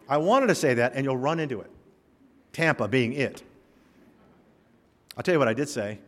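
A man's voice: mid-range voice, sing-song, normal speed, pauses often, fairly bright tone. A man preaching a sermon, telling stories with humor and driving home emphatic points. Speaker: pastor. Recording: long reverb of a hall.

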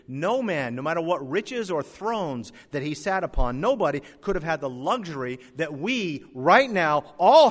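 A male pastor preaching an emphatic sermon, rising to loud peaks and dropping to hushed lows. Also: long reverb tail.

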